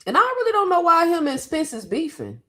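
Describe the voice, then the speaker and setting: A woman's voice: extremely high pitch, a little fast. Woman with a slightly sore throat, chatty. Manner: chatty, animated, slangy. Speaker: boxing commentary host. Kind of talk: casual vlog commentary.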